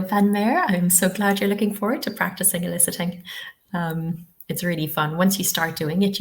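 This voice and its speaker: Her voice sits fairly low and carries vocal fry. She's from the west of Ireland and hosts a live online webinar training teachers, keeping it chatty and encouraging with frequent "okay?" checks.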